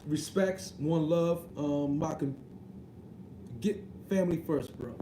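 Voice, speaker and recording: Hosting a laid-back live stream, this man reads chat messages and jokes around in an easygoing, slangy style, repeating "you know what I mean." His slightly high voice moves slowly in a roomy space full of background noise.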